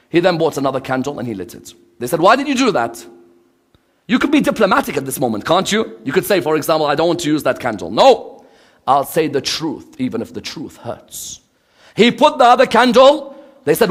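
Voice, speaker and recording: A man giving a religious lecture, asking the audience rhetorical questions and acting out quoted dialogue, with dramatic swings between loud and hushed delivery. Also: on the high side.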